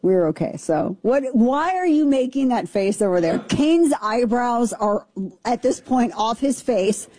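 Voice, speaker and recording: A woman's voice: fairly high pitch, animated, measured pace, mellow, no echo. A woman in her forties, co-hosting a casual on-air chat, telling stories with self-mocking asides. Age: 40s. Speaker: radio show co-host.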